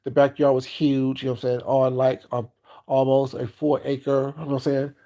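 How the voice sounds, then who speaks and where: A man vlogging a casual rant, expressive and frank, often checking in with "you know what I'm saying.". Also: medium pitch, normal speed. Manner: animated and expressive, acting out both sides of scenes. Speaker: food and lifestyle vlogger.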